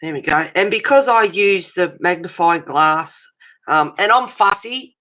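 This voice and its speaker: A woman's voice: fairly low pitch, animated, unhurried, bright, forceful tone. A middle-aged woman hosting a casual livestream at her table at home, chatting with viewers and calling them darling and sweetie. She calls herself fussy and pedantic. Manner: chatty, answers viewers' comments with endearments; self-described fussy and pedantic. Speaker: livestream host of a colouring channel. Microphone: webcam.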